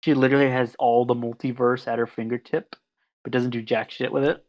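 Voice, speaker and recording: A man at a middle pitch hosts a casual podcast. He banters sarcastically, swears freely and jokes his way through the talk. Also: flat delivery, fairly quick, dull audio. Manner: sarcastic, profane, joking. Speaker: podcast host.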